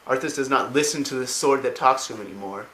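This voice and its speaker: An excited man rambles through a story retelling, swearing now and then. His voice is bright and forward, with a medium pitch. The recording sounds roomy and echoing. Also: fast, slight background noise. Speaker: lore explainer.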